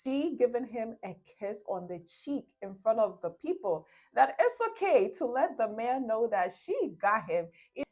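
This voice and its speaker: A woman's voice: fairly high pitch, very animated, measured pace, hardly any pauses, darkish tone, faint music behind. A woman giving relationship advice to camera in a casual talk. She explains with everyday examples, acts out little quotes, and often checks in with "right?".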